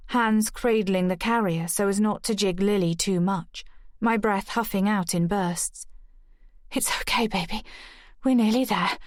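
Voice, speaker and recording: A woman narrating a first-person audiobook in a measured, even storytelling delivery. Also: medium pitch, no echo, clean studio sound.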